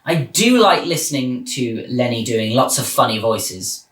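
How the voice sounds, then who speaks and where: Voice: medium pitch, sing-song, measured pace, a bit bright, roomy sound. A video host giving wry, opinionated commentary comparing audiobook readings. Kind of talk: casual review commentary.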